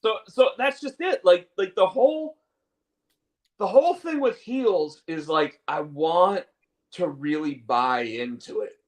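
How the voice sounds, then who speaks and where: A man's voice: sits high, expressive, a little slow. A man hosting a casual chat show, chatty and jokey, often mimicking actors' lines. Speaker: host.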